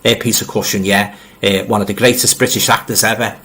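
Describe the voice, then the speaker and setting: Reading viewers' comments on his casual live stream, a middle-aged man with a Liverpool accent rambles and often restarts with repeated words. He speaks fairly quickly in a lowish, flat, bright and forceful voice, friendly and directly addressing the people watching.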